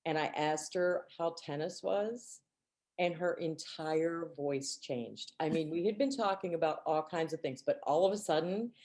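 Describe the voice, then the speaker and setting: A woman's voice: measured pace, darkish tone. A woman and team director co-hosting a book club, chatting and acting out the people she quotes. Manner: chatty storyteller who acts out quotes with a raised pitch. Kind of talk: casual chat and reading aloud.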